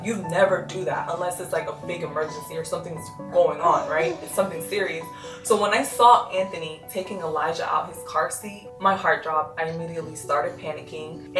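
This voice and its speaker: A young woman and mother telling an emotional story to her viewers, animated, full of fillers, talking straight to them. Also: on the low side. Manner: animated, lots of fillers, addresses viewers directly. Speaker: vlogger, mother. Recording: echoey room, mic at a distance, music behind.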